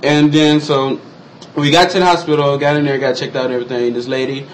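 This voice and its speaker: A young man telling a personal story in casual vlog style, animated and acting out other people's lines in exaggerated high voices. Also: a little fast, slight background noise, low-quality recording. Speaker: vlogger.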